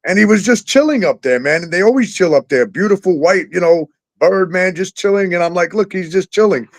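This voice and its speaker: Animated, profane man with a fairly high voice. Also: fairly quick. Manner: animated, profane, laughs often, acts out quoted exchanges. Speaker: show host. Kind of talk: casual podcast chat.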